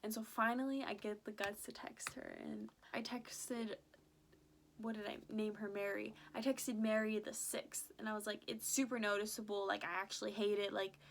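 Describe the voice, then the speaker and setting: A woman's voice: medium pitch, normal speed, creaky, slight background noise. A young woman vlogger chatting through a story, full of "like" fillers and quoted back-and-forth. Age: young adult. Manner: chatty, animated retelling with many "like" fillers. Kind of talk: casual storytime vlog.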